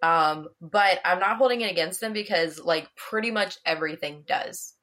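A young woman co-hosting a podcast in casual chat, talkative and quick to laugh, with playful mock quotes. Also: fairly low pitch, fairly bright tone. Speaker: podcast co-host.

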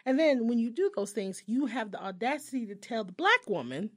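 A woman in her thirties telling stories in a casual chat, animated and profane, often breaking into laughter. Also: fairly high pitch, brisk. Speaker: podcast co-host.

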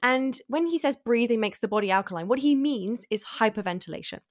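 A woman co-hosting a podcast who explains things in a measured way, stressing key words through deliberate repetition. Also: a little high, animated, no room sound, clean studio sound. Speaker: podcast co-host. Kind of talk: explanatory casual chat.

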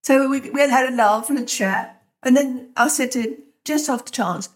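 Chatty older woman, fairly high. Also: fairly quick. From London, England. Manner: chatty, rambling, acts out quoted voices. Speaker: guest, author. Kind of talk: telling her life story.

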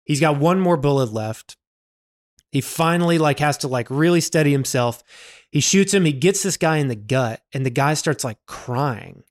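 A man's voice: a little high, expressive, normal speed. A man co-hosting a podcast, retelling a film scene by scene in casual chat, swearing freely and acting out the characters' lines. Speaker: podcast co-host.

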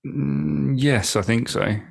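A man's voice: medium pitch, takes it slowly, gravelly, breathy edge, no echo, clean studio sound. A man co-hosting a podcast in casual chat, teasing and laughing often. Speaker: podcast co-host.

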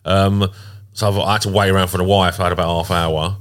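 A very deep-voiced man in his late thirties talking in a laid-back podcast chat. He tells his stories casually, with easy swearing and no hurry. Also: little pitch movement, brisk. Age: 30s. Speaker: podcast co-host.

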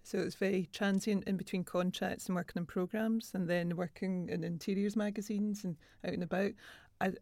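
Measured woman, dry close sound. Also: medium pitch, fairly even intonation, mellow, dry recording. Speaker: guest. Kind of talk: casual chat.

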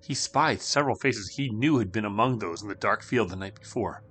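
A man's voice: lowish voice, a little fast, fairly bright tone, slight background noise. A man narrating a spooky children's story with dramatic, shifting delivery.

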